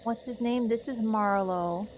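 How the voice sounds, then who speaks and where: A young woman streaming a game, talking to her chat in a sarcastic, teasing, playful way. Her pitch sits right in the middle for a woman. A steady hum of crickets and insects runs clearly behind her voice. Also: a little slow. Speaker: livestreamer. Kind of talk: casual gaming livestream chat.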